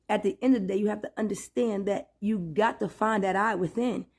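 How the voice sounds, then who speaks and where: A woman ranting in a satirical sermon style, preachy and profane, stretching out emphatic phrases and bursting into loud outbursts. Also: medium pitch, normal speed, hardly any pauses. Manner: preachy and profane, calls listener 'boo' and 'my friend'. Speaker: self-styled spiritual preacher.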